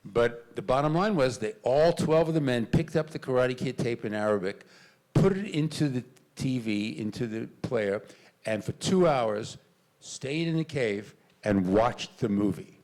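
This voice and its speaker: An older man, an actor, telling animated stories on a convention panel stage, now and then shouting out remembered lines. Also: medium pitch, a little slow. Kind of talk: storytelling on a panel.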